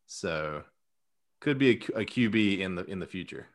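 A man's voice: low-pitched, lively intonation, moderate pace. A man co-hosting a casual sports podcast, chatty, with lots of fillers. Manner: chatty, with frequent fillers and laughs. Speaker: podcast co-host.

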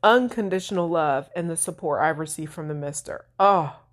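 A woman's voice: low-pitched, fairly quick. A woman hosting her own podcast, speaking emotionally and tearfully, laughing through her tears. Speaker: podcast host. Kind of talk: heartfelt solo podcast talk.

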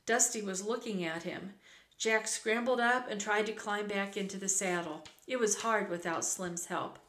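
A woman narrating a children's storybook aloud in a measured, clear, expressive way. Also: medium pitch. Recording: roomy echo, faint background hum.

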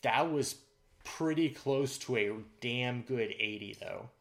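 A man's voice: mid-range voice, takes it slowly, gravelly. A man co-hosting a casual sports podcast, recapping match results in a rambling way with lots of fillers. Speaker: podcast co-host.

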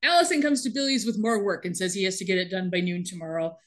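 A woman's voice: medium pitch, quick pace. Wry, amused woman recapping a show. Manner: wry, amused storyteller who laughs often. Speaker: podcast host. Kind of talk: casual episode recap chat.

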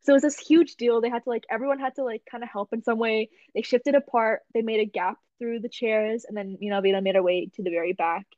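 Young woman podcast host, kinda high voice, lots of "like", laughy, dry dull sound. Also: fast talker, hardly any pauses, no echo. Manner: animated, laughs often, lots of "like" fillers. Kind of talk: casual storytelling chat.

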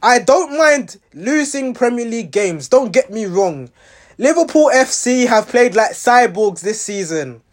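A man's voice: very high voice, sing-song, measured pace. A man giving a rambling, exasperated reaction to his team's match, restarting his sentences often. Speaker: football fan reviewing a match.

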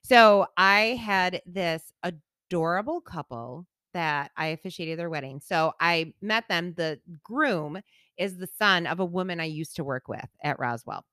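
A woman co-hosting a podcast, telling stories in an animated, laughing way. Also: fairly low pitch, unhurried, no echo, studio quality. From United States. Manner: animated storyteller, laughs often. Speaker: podcast co-host. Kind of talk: casual chat.

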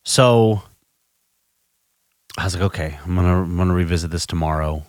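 A man's voice: low voice, moderate pace, dry recording, clean studio sound. A man hosting a podcast, telling a personal recovery story in a candid, self-reflective way, often restarting his sentences. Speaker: podcast host.

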